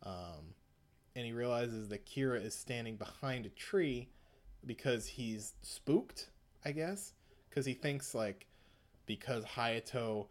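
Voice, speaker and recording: A man in casual chat walks through a story with loose, rambling narration. He swears freely and breaks into laughs along the way. His pitch sits in the middle for a man. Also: slow. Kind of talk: casual chat, retelling an anime episode.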